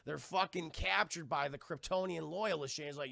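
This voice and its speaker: A man's voice: fairly high pitch, moderate pace, creaky. Profane, rambling young man streaming. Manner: profane, rambling, addresses chat often; mimics sounds and thanks viewers. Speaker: streamer reviewing films. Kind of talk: casual live-stream chat.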